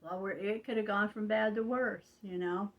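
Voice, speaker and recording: An older woman talking slowly and rambling in a confiding way, with frequent fillers. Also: medium pitch, fairly even intonation, highs cut off. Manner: slow, rambling, confiding, with frequent "you know". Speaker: vlogger. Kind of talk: casual monologue.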